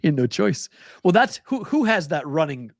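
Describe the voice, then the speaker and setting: A man's voice: a little high, big pitch swings, moderate pace, no echo, clean studio sound. A man hosting a podcast in casual chat, rambling and often repeating his words. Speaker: podcast host.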